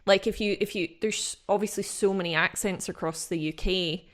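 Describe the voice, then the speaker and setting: A woman's voice: mid-range voice, fairly even intonation, normal speed. A woman from Britain co-hosting a podcast, talking thoughtfully in casual discussion with frequent fillers and restarts. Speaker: podcast co-host.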